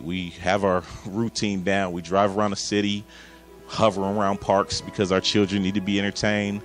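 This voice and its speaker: A man in his thirties preaching a sermon, telling an emotional personal story and acting out his dialogue with God. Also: sits low. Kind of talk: sermon testimony.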